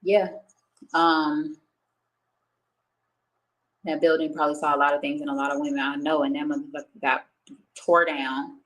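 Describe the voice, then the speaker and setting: A woman's voice: deep voice, little pitch movement, normal speed, long pauses, a bit bright, rough recording. A young woman streaming to her viewers, telling a personal story in a candid, emotional way, swearing freely and speaking. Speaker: streamer recounting a personal experience. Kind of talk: casual chat with viewers. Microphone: home streaming setup.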